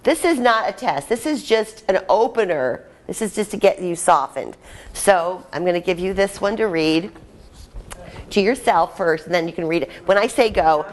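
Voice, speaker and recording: A woman's voice: on the low side, expressive, normal speed. A woman trainer leading a live workshop, chatty and upbeat as she directs a group in a room.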